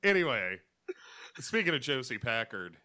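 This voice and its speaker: Bright-voiced rambling male podcast host. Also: medium pitch, big pitch swings, moderate pace. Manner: rambling, jokey, slips into silly voices. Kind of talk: casual comedic recap chat.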